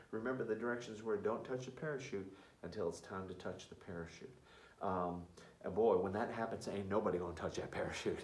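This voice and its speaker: Male teacher explaining a classroom activity, halting delivery, sudden loud sung cues, roomy echo. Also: lowish voice, recorded from a distance. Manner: halting, many fillers. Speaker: music teacher.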